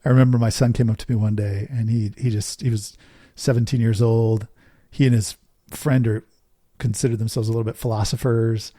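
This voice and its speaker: A middle-aged man hosts a podcast in an earnest, storytelling monologue. His voice is mellow and warm at a middle pitch, recorded close and dry. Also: flat delivery, brisk, no room sound. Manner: earnest, storytelling, fond of rhetorical "right?". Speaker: podcast host.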